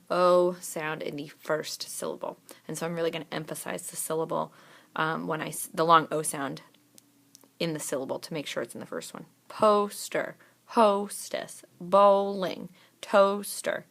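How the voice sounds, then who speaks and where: A woman teaching a recorded spelling lesson, reading words slowly and deliberately to demonstrate vowel sounds. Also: deep voice, creaky, fairly bright tone. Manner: slow, deliberate word-by-word demonstration.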